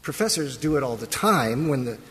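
A male pastor giving a sermon in a conversational way, pausing and restarting his phrases. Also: medium pitch, lively intonation, fairly bright tone. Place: church sanctuary. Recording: long church reverb.

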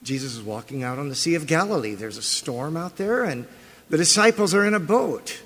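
Husky-voiced preacher in an echoing church. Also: male voice, on the high side, a little fast. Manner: animated storytelling preacher, asks the congregation questions. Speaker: pastor. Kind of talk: sermon. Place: church sanctuary. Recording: long reverb of a large church hall.

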